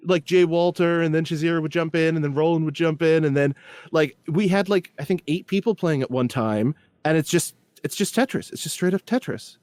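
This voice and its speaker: Guy calling into a podcast, higher voice, rambles with tons of likes, dry sound. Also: a little fast, darkish tone, dry recording. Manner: rambling, lots of "like" and restarts. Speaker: caller. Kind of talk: casual chat.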